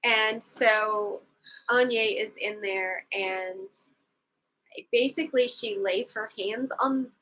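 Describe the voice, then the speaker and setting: A woman's voice: medium pitch, steady tone, takes it slowly, sharp tone, low-quality recording. A woman co-hosting a casual book club livestream, rambling through a plot recap with asides and chuckles, sometimes acting out the characters' lines.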